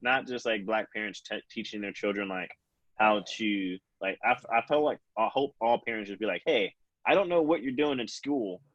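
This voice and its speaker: A man's voice: fairly low pitch, normal speed, a bit bright, dry recording. Earnest young man, dry lo-fi podcast. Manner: earnest, reflective, many restarts. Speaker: podcast host. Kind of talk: casual podcast chat.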